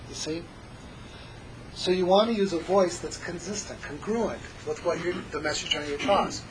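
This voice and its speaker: A man teaching a hypnosis class, jumping between a lively, joking lecture voice and soft, slow hypnotic demonstrations. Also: a little high, a little hiss or hum, poor audio. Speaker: hypnosis instructor. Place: classroom with students.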